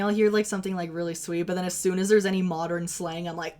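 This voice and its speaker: A woman's voice: on the low side, level tone, fast talker, few pauses, darkish tone. A young adult woman streaming, chatting casually with viewers in a giggly, chatty, self-deprecating way. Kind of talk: casual live-stream chat.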